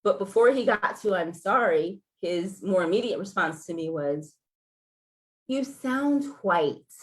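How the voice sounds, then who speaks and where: Woman in her forties, lively storyteller. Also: fairly low pitch, moderate pace. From Los Angeles, California. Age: 40s. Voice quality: sounds like a Valley girl. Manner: conversational, animated storytelling with laughs and acted quotes. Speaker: featured speaker. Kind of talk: personal storytelling talk.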